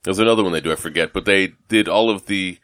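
A man from the United States rambles through a casual chat as a podcast co-host, trailing off and restarting with plenty of fillers. His voice sits fairly low, and the recording is dry and close with no room sound. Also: fast, a bit bright, dry recording. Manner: rambling, self-deprecating, lots of fillers and restarts.

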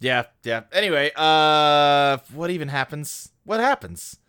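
A man's voice: fairly high pitch, animated, a little slow, pushed and bright, smooth. A man co-hosting a casual podcast, chatty and joking as he recaps, with lots of fillers. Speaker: podcast co-host.

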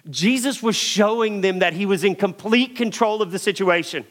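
A man preaching a sermon, telling a story in an animated way and swinging from loud emphasis to hushed moments. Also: high-pitched, moderate pace, few pauses.

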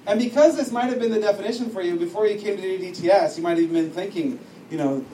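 With a high, warm voice and a quick pace, this discipleship-school teacher chats his way through a lesson, drifting into tangents and laughing a lot. The recording comes from a distant mic in an echoey room and has faint noise.

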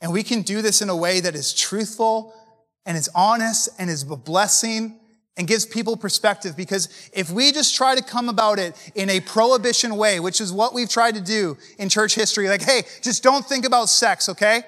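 A man's voice: high-pitched, normal speed, fairly bright tone, long reverb tail. A man preaching to church leaders with passion, talking in a conversational way and asking many rhetorical questions. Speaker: pastor.

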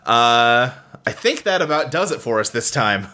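A man's voice: mid-range voice, big pitch swings, moderate pace, bright, forceful tone. A man hosting a casual podcast chat, talking animatedly with many fillers and restarts. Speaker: podcast host.

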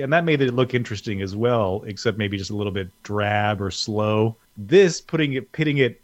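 A man's voice: lowish voice, no room sound, muffled recording. A man co-hosting a casual film chat, rambling with many fillers and laughs. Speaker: podcast co-host.

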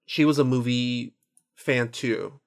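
Male co-host, mid-pitched, rambling, jokey, self-mocking. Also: steady tone, slow, gravelly. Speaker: podcast co-host. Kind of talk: casual chat.

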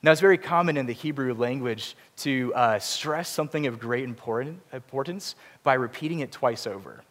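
A man's voice: mid-range voice, moderate pace, fairly bright tone. A man preaching a sermon in a church, earnest and explanatory, with self-deprecating asides. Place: church sanctuary. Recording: long reverb of a church hall.

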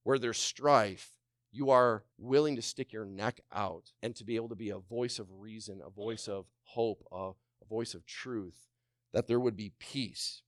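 Male pastor with a smooth, dry voice. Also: on the low side, unhurried, dry recording. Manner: calls on the congregation to respond; drops to a hushed voice for quoted gentle words. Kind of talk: sermon.

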